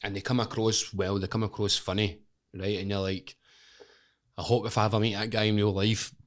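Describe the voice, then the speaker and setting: Animated Scottish man telling stories. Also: lowish voice, brisk. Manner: animated, swearing, acts out voices. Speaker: podcast guest, wrestler. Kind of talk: casual storytelling chat.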